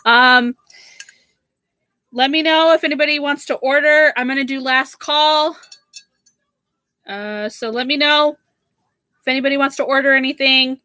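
Chatty young female livestream host, unhurried delivery, slightly high voice. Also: sharp tone, no room sound, clean studio sound. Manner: chatty, says "like" and "girl" a lot. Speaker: live sale host. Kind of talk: casual livestream chat.

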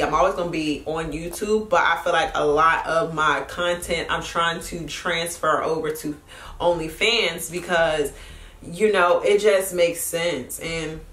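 A woman's voice: fairly low pitch, fairly bright tone, recorded from a distance. A young woman vlogger chatting casually and frankly while getting ready, with lots of swearing and fillers. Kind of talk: casual get-ready-with-me chat. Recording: echoey room sound.

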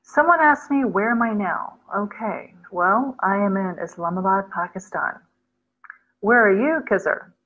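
A woman's voice: mid-range voice, animated, unhurried, fairly bright tone, slightly rough. A woman hosting a casual live chat, reading out viewer comments and mixing in Urdu words as she answers. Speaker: livestream host answering viewer questions. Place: Islamabad. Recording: dull lo-fi sound.

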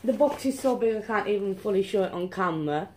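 Talking fast at a medium pitch, a young female vlogger unboxes gifts for her audience. The casual video has her gushing and excitable as she addresses viewers.

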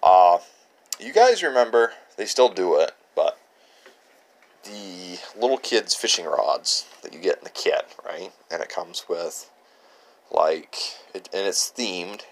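A man's voice: sits low, very animated, takes it slowly. A young man showing viewers around his home workshop, rambling through stories and chuckling as he goes. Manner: rambling storyteller with frequent chuckles. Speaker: channel host. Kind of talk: casual workshop tour narration.

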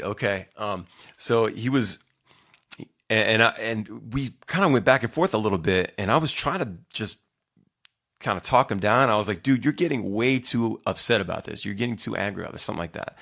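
A man's voice: on the low side, expressive, moderate pace, vocal fry, sharp tone. A middle-aged man hosting his own podcast, talking casually, rambling and profane, with lots of fillers and restarts. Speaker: musician podcast host. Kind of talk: casual solo podcast monologue.

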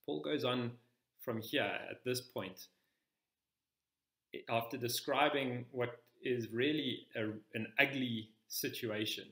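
A man preaching a sermon in church, explaining scripture in a measured, step-by-step teaching manner. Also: medium pitch, bright, forceful tone, echoey room.

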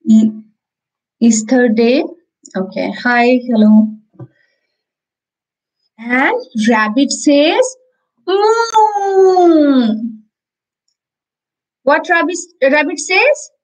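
An Indian woman teaches an online preschool class, reading a picture book and counting aloud with the children. Her voice is high and swoops up and down as she encourages them. She speaks slowly and clearly, with long pauses. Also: animated, poor audio. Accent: Indian English.

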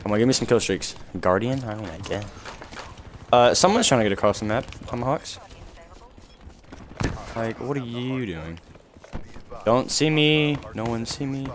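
A young man giving live gameplay commentary, animated and trash-talking, with sudden shouts at opponents. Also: medium pitch, moderate pace, pauses often. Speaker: gaming commentator. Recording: game gunfire noise behind the voice. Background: in-game gunfire and explosions.

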